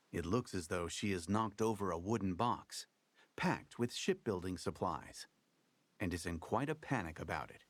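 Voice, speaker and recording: A lively storybook game narrator. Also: male voice, fairly low pitch, no room sound. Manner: theatrical, storytelling game-master delivery. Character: wry male game master narrating a card tale. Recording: game audio with faint music underneath.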